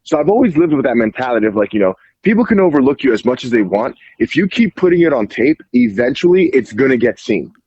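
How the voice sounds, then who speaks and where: A man guesting on a podcast, telling an animated story in casual speech full of "like" fillers and casual swearing. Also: medium pitch, quick pace, hardly any pauses, husky, no echo, dull audio. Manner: animated, heavy "like" fillers, acts out quoted dialogue, swears casually. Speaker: podcast guest, jiu-jitsu referee.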